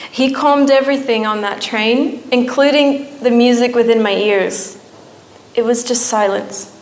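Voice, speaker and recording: A young woman giving an emotional personal testimony at a church, her storytelling rising at times into pleading. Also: a little high. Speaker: church speaker. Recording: echoey church hall.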